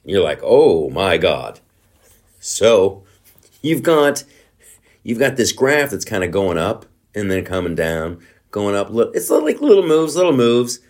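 A middle-aged man hosting a comedy podcast, ranting in a profane, worked-up way and breaking into loud outbursts. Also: deep voice, sing-song, measured pace. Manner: mumbling around a guitar pick in his mouth. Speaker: podcast host. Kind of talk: casual comedic political rant.

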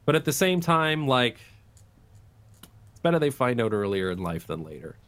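A man's voice: mid-range voice, sing-song, moderate pace, fairly bright tone, clean tone, no echo. A man, a guest on an interview, talking at length in a casual, chatty way with frequent restarts. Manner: talkative, explains at length with many restarts. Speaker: guest, urban design YouTuber.

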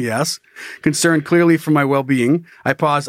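Man, podcast host, lively storyteller, swears a lot, slightly high voice, dead-dry studio sound. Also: brisk, dry recording. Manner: animated, swearing, laughing at his own story. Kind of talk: casual podcast chat and storytelling.

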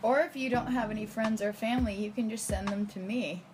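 A woman's voice: medium pitch, steady tone, brisk, music in the background. A woman co-hosting a podcast, teasing and laughing often in casual comedic chat. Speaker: podcast co-host.

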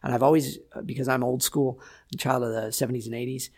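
A man in his forties with a gravelly, husky voice talks through his ideas in a relaxed interview. He often stops and restarts as he searches for the right words, and he stays reflective throughout. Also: mid-range voice, quick pace. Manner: thoughtful, searching for words, repeats starts. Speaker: voice actor guest. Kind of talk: casual interview chat.

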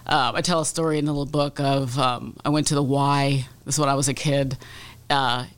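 A woman's voice: a bass voice, fairly even intonation, fairly quick, smooth. A woman from Detroit, an author being interviewed, answering in a thoughtful way with many ums. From Detroit, USA. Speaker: author guest.

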